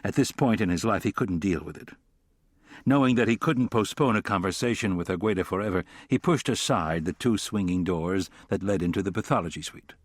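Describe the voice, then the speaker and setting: Deep-voiced male audiobook narrator. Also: dry recording, studio quality. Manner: measured, descriptive. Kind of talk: scripted narration.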